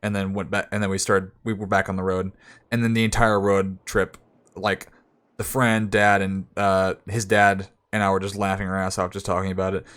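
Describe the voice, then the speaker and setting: A man's voice: deep voice, flat delivery, normal speed, fairly bright tone, clean tone. A young man streaming, telling a story in casual, rambling talk full of restarts, sometimes acting out other people in raised voices.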